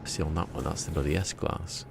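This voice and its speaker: A man's voice: extremely low pitch, normal speed, vocal fry, noisy background. A man streaming a game, rambling and muttering to himself in a casual chat. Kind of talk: casual gameplay livestream chat. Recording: game music in the background.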